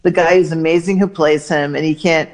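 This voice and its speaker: A man giving entertainment news on a radio show in a brisk, chatty, enthusiastic way. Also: fairly high pitch, steady tone. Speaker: entertainment reporter.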